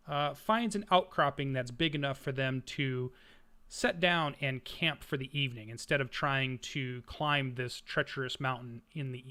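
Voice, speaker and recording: A man narrating a tabletop game as game master, setting scenes in a relaxed, halting way with fillers. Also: fairly high pitch, clean tone.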